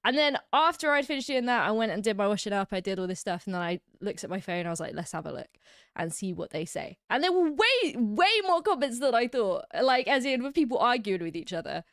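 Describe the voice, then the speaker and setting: A woman's voice: a little high, sing-song, fast, few pauses, fairly bright tone, clear, resonant tone, dry recording, clean studio sound. A woman from England with an English accent, chatting casually on a livestream, rambling and laughing often. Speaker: streamer.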